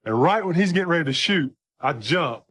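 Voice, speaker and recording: Man, fairly high voice, amused, recalling a play. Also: animated, brisk, fairly bright tone, slightly rough, no echo. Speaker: former player recalling being faked.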